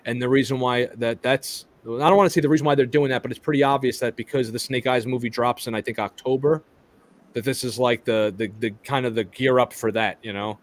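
A man's voice: medium pitch, steady tone, fairly quick. A man hosting a live toy chat stream, talking casually with lots of restarts and stumbles and some casual swearing.

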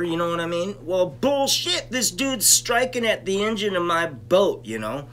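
A man chatting on a live stream, his voice bright and a little forceful. He rambles through loose stories, laughs often and keeps dropping in "you know". He stops now and then to say hi to viewers by name. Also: high voice, big pitch swings, normal speed, a little hiss or hum. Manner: greets viewers by name mid-story. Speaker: stream host reviewing cannabis. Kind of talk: casual live-stream chat and storytelling.

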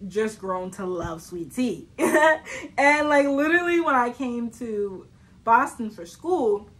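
A young woman talks casually to her camera in a slightly high voice. She tells stories in a loose, chatty way, full of fillers and quick bursts of laughter. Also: expressive, a bit bright, rough recording. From Southern United States. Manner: chatty storytelling, laughs often, many fillers. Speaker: vlogger.

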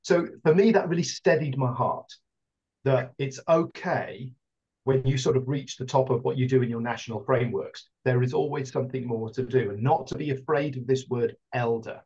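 A man's voice: mid-range voice, moderate pace, mellow, slightly rough, lo-fi sound. A man, earnestly telling a story in a panel discussion, his speech full of hedging fillers. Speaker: round table guest.

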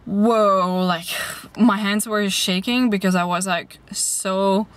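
A woman's voice: mid-range voice, slow pace. A young woman from Lithuania, a native Lithuanian speaker, chatting casually to her vlog camera with lots of fillers. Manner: chatty storytelling with many fillers. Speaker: vlogger.

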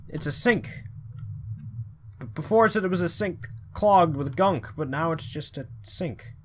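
A man's voice: on the high side, measured pace, fairly bright tone, slight background noise. A man commentating his horror game playthrough in a confused, rambling way with frequent swearing. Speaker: let's play gamer.

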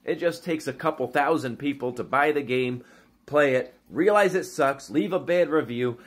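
A man ranting casually to camera about games, animated and exasperated, often restarting his sentences. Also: medium pitch. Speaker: gaming YouTuber.

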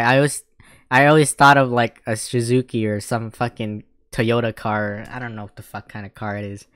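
A woman giving loud, profane, mocking commentary while reacting to a video, often laughing. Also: very deep voice, smooth, dry recording, studio quality.

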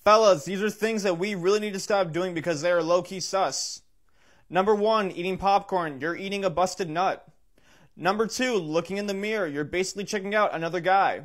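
A man reading out a mock-serious numbered list in a deadpan, lecturing way. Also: high voice, brisk. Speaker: comedy TikTok creator.

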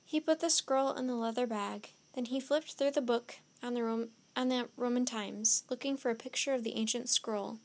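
High-voiced woman reading a children's book. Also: normal speed, hardly any pauses. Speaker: storyteller.

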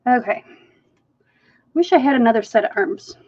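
A woman's voice: a little high, animated, normal speed, a little mellow. A woman hosting a live painting stream, chatting casually to viewers, laughing often and poking fun at herself, recorded at home. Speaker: live-stream art host. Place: home art room with carpet. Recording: dull lo-fi stream audio.

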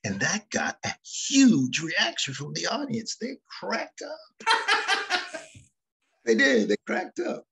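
An older man, an actor, telling stories from his career in an unhurried, reflective way as an interview guest. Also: fairly high pitch, vocal fry, slight background noise. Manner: unhurried storyteller, drifting between loud and hushed. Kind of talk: reflective anecdotal conversation.

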